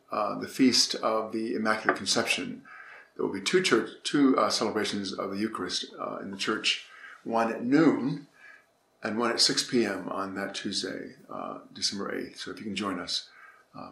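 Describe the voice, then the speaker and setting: A priest making parish announcements in an unhurried way, pausing to find his words. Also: fairly low pitch, gravelly, sharp tone, roomy sound, a little hiss or hum, poor audio. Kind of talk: spoken announcement. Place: church.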